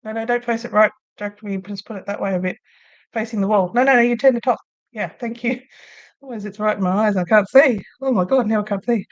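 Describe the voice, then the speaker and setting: With a medium-pitched voice, quick pace, and the high frequencies cut off, an Australian woman hosts a crochet livestream from a room in her home. She chats casually and rambles while crocheting, laughing often.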